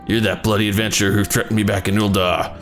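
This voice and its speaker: Deep, gravelly, surly, a man doing a hard-drinking game merchant. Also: flat delivery, quick pace, fairly bright tone, soft background music. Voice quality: gravelly smoker's rasp. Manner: surly, dismissive. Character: gruff hard-drinking male merchant bully.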